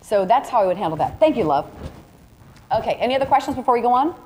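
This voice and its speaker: A woman's voice: fairly high pitch, lively intonation, quick pace, darkish tone. Woman teaching a live workshop. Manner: chatty, direct, demonstrative, uses "y'all". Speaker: photography instructor. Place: large room with a live audience. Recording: reverberant hall, faint ambient noise.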